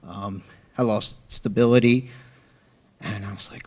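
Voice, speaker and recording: A man telling a personal testimony in a chapel, excited and laughing often as he acts out the people in his story. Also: lowish voice, unhurried, husky. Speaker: church member giving testimony.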